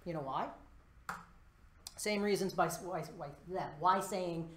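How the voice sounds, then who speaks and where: A man giving a live conference talk, lively and self-deprecating, walking around the stage as he speaks. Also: fairly high pitch, a little slow, long pauses. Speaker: conference presenter. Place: presentation room before a live audience. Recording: echoey presentation room.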